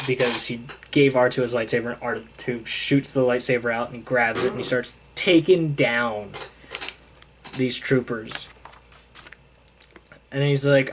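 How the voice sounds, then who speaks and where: A man's voice: medium pitch, unhurried, long pauses. A young man casually retelling a comic book plot, rambling and self-deprecating as he paraphrases the characters.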